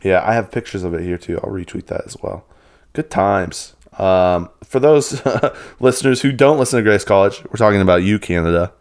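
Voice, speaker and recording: A man's voice: low-pitched, moderate pace, smooth. A young man co-hosting a podcast, laid-back and rambling in casual chat, laughing often. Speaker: podcast co-host.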